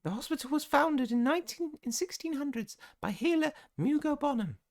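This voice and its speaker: A man's voice: very high-pitched, animated, fairly quick, creaky, voice pushed up, full character voice. A man voicing a cheery, motherly older female healer in a video game, in a fond, gushing sing-song. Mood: gushing, welcoming.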